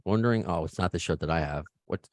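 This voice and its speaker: A man's voice: deep voice, quick pace, no echo, studio quality. An American man hosting a podcast over a video call, chatting in a joking, self-mocking way. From United States. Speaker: podcast host. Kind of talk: casual chat.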